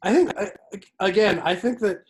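A man's voice: high voice, moderate pace, slightly rough. A man co-hosting a casual movie podcast, teasing his co-host with dry pushback. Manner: dry, teasing, pushes back. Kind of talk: casual movie-review chat.

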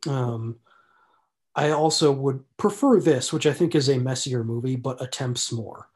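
A man co-hosting a podcast, discussing films in a measured, hesitant way with frequent restarts, over a remote call. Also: medium pitch, darkish tone. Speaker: podcast co-host. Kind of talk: casual film discussion.

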